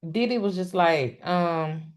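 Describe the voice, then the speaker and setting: Chatty woman commentating live on a trial. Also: on the low side. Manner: chatty, exclamatory, talks to her viewers directly; pauses often with "um" and restarts. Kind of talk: casual live-stream commentary.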